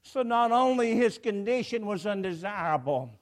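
A man's voice: sits high, lively intonation, moderate pace. A man preaching a sermon to a congregation, emphatic, with repeated phrases and swelling cries. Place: church before a congregation.

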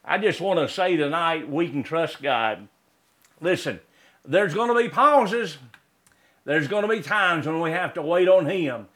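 A man preaching a sermon, reciting a poem and closing in prayer, with slow, emphatic exhortations. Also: fairly high pitch, animated, a bit bright.

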